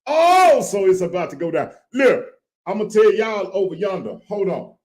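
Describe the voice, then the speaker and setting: A man's voice: high-pitched, sing-song, normal speed, a little mellow. A man hosting a live-stream chat show, joking, repeating catchphrases and hyping up the audience.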